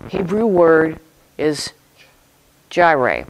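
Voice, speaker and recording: A pastor preaching a sermon, retelling a scripture story in slow, deliberate short phrases with pauses and reflecting aloud. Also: mid-range voice, lively intonation, slight background noise, rough recording.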